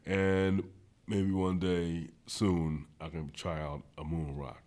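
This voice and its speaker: A man's voice: flat delivery, slow pace, darkish tone. A young man hosting a podcast, telling laid-back stories in casual slang. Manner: laid-back slang-heavy storytelling, gets high-pitched when laughing. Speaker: podcast host. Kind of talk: casual chat.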